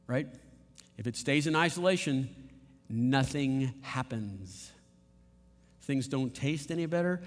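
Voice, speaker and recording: A man's voice: mid-range voice, big-room sound. A man preaching a sermon as pastor, emphatic and repetitive, with playful asides.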